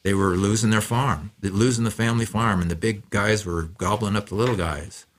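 A man's voice: lowish voice, fairly even intonation, normal speed. A male musician guest in a radio studio, telling rambling, easygoing stories with lots of fillers in a casual interview.

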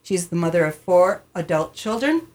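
A woman's voice: fairly low pitch, animated, moderate pace, darkish tone. A woman radio producer reading a prepared introduction of the host in a community radio studio, with small restarts.

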